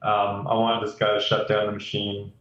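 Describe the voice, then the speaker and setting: A man's voice: lowish voice, monotone, moderate pace, fairly bright tone, roomy sound, recorded from a distance, lo-fi sound. A man playing a tabletop game who talks in an offhand way, trailing off. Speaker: player. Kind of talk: casual game talk.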